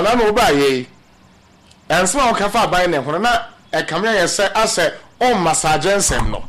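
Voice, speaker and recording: A high-voiced man delivers political commentary in an emphatic, radio-style manner. He slips English phrases into his speech and speaks to his listeners as family. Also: a bit bright.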